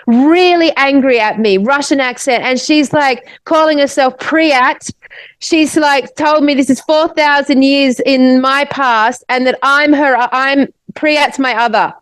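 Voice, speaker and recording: An Australian woman co-hosting a podcast, telling a wild story in an animated, rambling way and swearing freely. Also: sits high, dry recording, rough recording. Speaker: podcast co-host. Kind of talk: casual storytelling.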